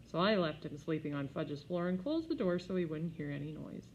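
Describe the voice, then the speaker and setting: Expressive woman reading a children's book. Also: low-pitched, a little fast. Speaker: audiobook reader. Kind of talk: storybook narration. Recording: slightly dull recording with faint hiss.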